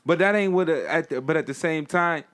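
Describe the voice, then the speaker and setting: A man's voice: on the high side, fairly quick, a bit bright. A man speaking earnestly and in slang in a casual podcast debate, drawing on his own experience. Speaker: podcast co-host.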